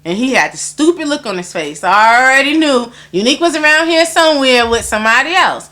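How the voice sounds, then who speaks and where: A woman with a high-pitched voice tells a story as an interview guest. Her tone is bright and forward. She talks casually and animatedly, slips into other people's lines, and swears freely. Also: animated, a little fast.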